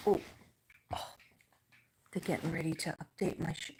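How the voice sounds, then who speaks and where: This middle-aged New York woman hosts a livestream, chatting casually with viewers in a low, steady voice at normal speed. She rambles, restarts her sentences, and now and then drops to a whisper.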